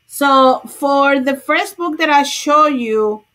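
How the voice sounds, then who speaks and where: A woman's voice: high voice, slow pace, sharp tone. A woman hosting a crochet livestream, chatting casually, greeting viewers by name and laughing often.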